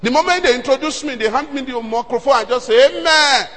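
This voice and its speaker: A Nigerian pastor preaches in a very high, bright and forceful voice with a husky edge. He drops to near whispers and then bursts into shouts as he tells his story. His voice rings out with the long echo of a hall. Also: fast talker. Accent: Nigerian, Yoruba-speaking. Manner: animated storytelling, swings between hushed and shouting. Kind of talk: sermon.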